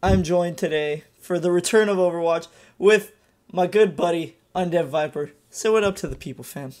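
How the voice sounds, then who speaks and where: A young man hosting a casual gameplay commentary with a friend, energetic and swearing freely. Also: sits high, normal speed. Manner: energetic, loud, swearing banter. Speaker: gaming channel host.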